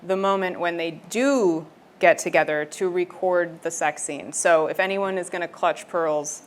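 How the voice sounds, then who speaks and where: An audiobook narrator talking animatedly on stage, laughing often and slipping into character voices while wearing a lavalier mic. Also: female voice, fairly low pitch, measured pace, a little hiss or hum. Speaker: audiobook narrator, festival guest. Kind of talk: live on-stage conversation with readings. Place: festival stage.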